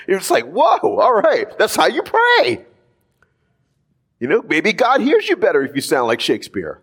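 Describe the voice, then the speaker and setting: A man's voice: high-pitched, a little slow, vocal fry, slightly rough. A man preaching in a casual, conversational way, talking through a Bible passage with lots of asides. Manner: animated, conversational, lots of "like" and "right?". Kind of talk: casual sermon.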